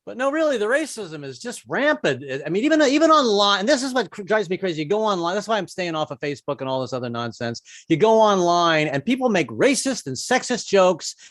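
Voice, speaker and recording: Brief: stand-up man in his 50s, high-pitched, dry close mic, rambling, self-mocking. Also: big pitch swings, brisk, hardly any pauses, a bit bright, dry recording. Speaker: stand-up comedian. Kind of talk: stand-up comedy set.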